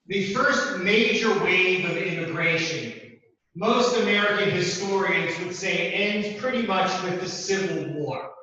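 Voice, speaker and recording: A man giving a classroom lecture with a measured, deliberate delivery and emphatic repeats. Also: high-pitched, bright, forceful tone. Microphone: distant room mic, also streamed to Zoom. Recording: distant, echoey, dull hall recording.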